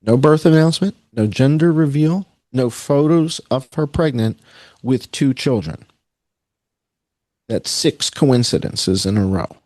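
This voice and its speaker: A man's voice: mid-range voice, expressive, measured pace, a little mellow, no room sound, clean studio sound. A man talking in a sarcastic, rambling way on a podcast, with mocking asides. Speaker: podcast guest. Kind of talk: casual conspiratorial chat.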